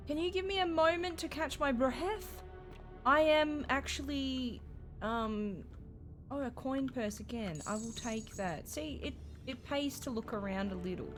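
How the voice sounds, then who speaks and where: A young woman streaming a game and reacting out loud, jumpy and profane, shrieking and laughing at scares. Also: sits high, expressive, unhurried, faint music behind. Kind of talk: live let's-play commentary.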